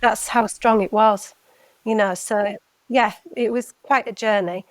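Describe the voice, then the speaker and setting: A woman's voice: medium pitch, steady tone, no echo. A woman guest on a podcast, telling her personal story candidly and earnestly, often stopping and restarting her sentences. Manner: earnest, halting with frequent restarts. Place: podcast recording.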